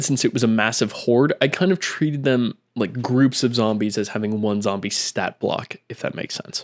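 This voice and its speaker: A man in the middle of his range talks through a tabletop game he ran for friends. He is loose and chatty and keeps slipping into the players' lines. It sounds like a simple solo recap at his own microphone. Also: medium pitch. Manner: chatty, acts out quotes with frequent "I'm like". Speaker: game master. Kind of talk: casual retelling of a tabletop game session. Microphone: own microphone at a desk.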